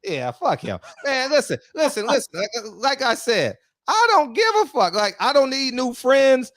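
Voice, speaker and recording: A man's voice: very high voice, very animated, normal speed, a bit bright, dry recording, clean studio sound. A man hosting a live call-in show, talking brash, profane and amped up in casual chat.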